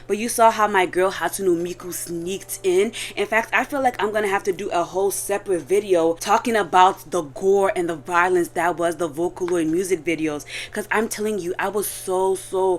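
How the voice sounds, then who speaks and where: A young adult woman recapping a story in casual chat, animated and slangy, with lots of fillers. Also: on the low side. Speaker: video creator.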